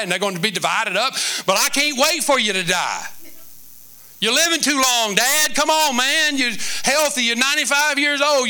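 A man preaching, acting out a brash young son who pushes his father for his inheritance with rapid, whiny complaints. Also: very high voice, bright, forceful tone, clear, resonant tone, pitched above the performer's own voice, exaggerated voice.

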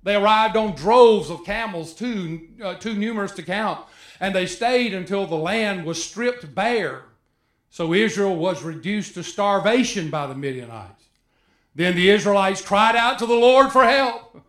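A man's voice: high voice, lively intonation, unhurried, a bit bright, roomy sound. A man preaching a sermon in a conversational, joking way, full of rhetorical questions to his congregation. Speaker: pastor.

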